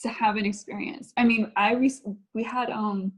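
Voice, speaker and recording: Animated woman telling a story. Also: a little high, moderate pace, low-quality recording. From Texas. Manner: animated storytelling, acts out quotes. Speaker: guest, mother. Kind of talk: casual conversation.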